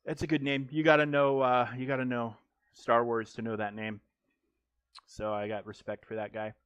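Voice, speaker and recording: A man's voice: medium pitch, level tone, normal speed, fairly bright tone, clean tone, no echo. A man streaming a mobile game live, chatting casually and joking, rambling with frequent ums and restarts.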